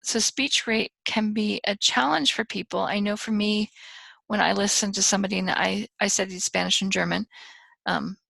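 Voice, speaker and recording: A woman lecturer in a casual classroom style, her voice carrying a gravelly, fry-tinged edge at a middle pitch. The recording is dry and close, with no room sound, and she keeps it conversational with quick asides and fillers. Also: steady tone, pushed and bright, no room sound, poor audio. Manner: conversational, fast side of normal, with fillers and restarts. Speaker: communication lecturer.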